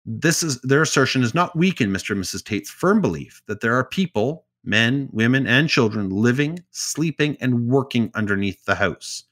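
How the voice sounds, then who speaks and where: A man in an easygoing podcast chat, retelling a strange tale at a middle pitch. His delivery is loose and conversational, with side remarks and jokes woven between the facts. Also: lively intonation, normal speed, few pauses, fairly bright tone. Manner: summarizes stories loosely with asides and jokes. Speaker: podcast co-host telling stories. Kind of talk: casual storytelling chat.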